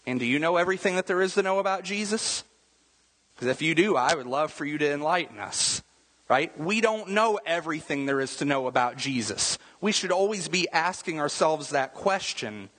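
A man's voice: on the high side, animated, normal speed, fairly bright tone, big-room sound, poor audio. A man preaching a sermon, talking in a conversational way and often checking in with the listeners by asking "right?". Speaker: pastor.

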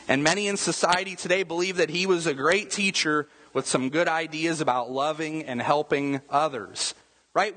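Guy preaching, kinda husky, higher voice, lots of hall echo, keeps asking right?. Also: fairly bright tone. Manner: conversational, repeats "right?" to engage listeners. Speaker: pastor. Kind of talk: sermon.

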